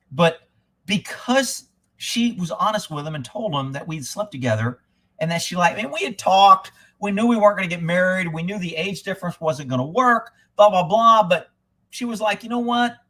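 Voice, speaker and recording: A man's voice: high-pitched, lively intonation, moderate pace, fairly bright tone. A man hosting a live stream, telling a story and ranting in heated, profane casual talk that rambles and breaks off mid-thought. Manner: rambling, with self-interruptions. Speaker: livestream host.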